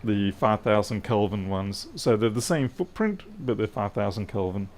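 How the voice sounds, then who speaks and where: With a fairly low voice at a moderate pace, a middle-aged Australian man makes casual, self-deprecating conversation while livestreaming electronics repairs from an indoor workshop.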